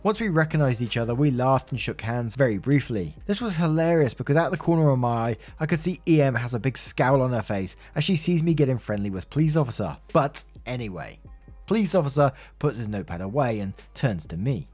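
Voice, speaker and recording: A man reads a Reddit story aloud, casual and chatty, with asides along the way. His voice sits at an average pitch over faint background music. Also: expressive, brisk, a little mellow. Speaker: story narrator.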